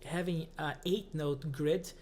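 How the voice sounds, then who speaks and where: A man's voice: fairly high pitch, fairly even intonation, slow, very noisy. A man who speaks as his gives a casual music lesson, counting beats aloud between guitar examples. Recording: guitar playing heard loudly.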